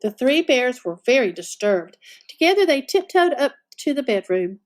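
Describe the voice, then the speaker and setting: A woman reading a children's picture book aloud as a storyteller, expressive and animated. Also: sits high, normal speed.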